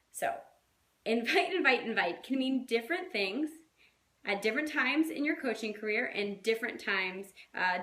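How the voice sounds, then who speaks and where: A woman's voice: fairly high pitch, sharp tone, echoey room. A woman coaching her team in a casual, chatty way, full of fillers and little acted-out quotes. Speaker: fitness coach.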